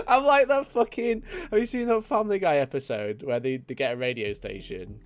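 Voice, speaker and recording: A man's voice: on the high side, moderate pace, a little hiss or hum. A young man hosting a casual livestream, laughing often and checking his audio setup with his viewers. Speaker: livestream host.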